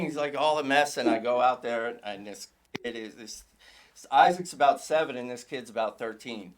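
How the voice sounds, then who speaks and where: A middle-aged man, a father giving an informal eulogy at a funeral service, telling relaxed, anecdotal stories and chuckling often. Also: mid-range voice, normal speed.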